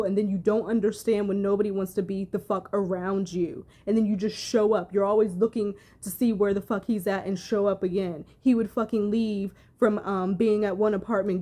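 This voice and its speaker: A woman's voice: medium pitch, warm tone. Angry, profane woman ranting. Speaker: commentary vlogger. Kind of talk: heated commentary rant.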